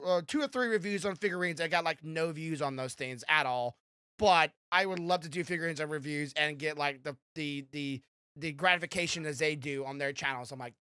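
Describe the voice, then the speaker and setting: A young man chatting loosely as a podcast host, his voice bright and forward. He rambles, circling back with many "um"s and restarts. The sound is dry and close. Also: high voice, dry recording. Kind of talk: casual podcast chat.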